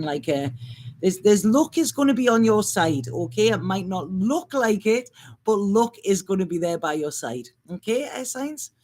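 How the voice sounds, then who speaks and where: Woman, spiritual reader, halting, rambling, improvised reading. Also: on the low side, husky. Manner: halting, rambling, restarts phrases. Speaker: astrology and intuitive reader.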